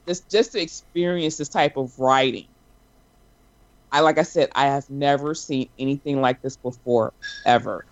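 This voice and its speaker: Animated man in casual chat, dull lo-fi sound. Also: normal speed, no room sound. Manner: animated, acts out sobbing at a high pitch. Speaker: podcast co-host.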